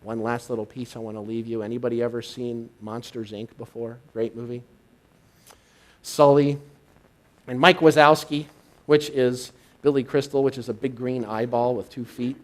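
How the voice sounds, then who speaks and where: A male minister giving a live sermon, swinging from hushed and intimate to loud and excited. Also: mid-range voice, brisk. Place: church service, live.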